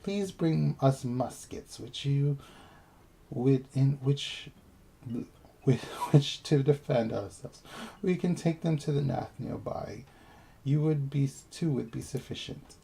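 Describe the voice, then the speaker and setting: A man reading aloud as a formal insect-tribe elder in a video game, using a put-on British accent and a slow, stately delivery. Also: mid-range voice, vocal fry, dark tone, slight background noise, voice pushed up, poor audio. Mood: solemn.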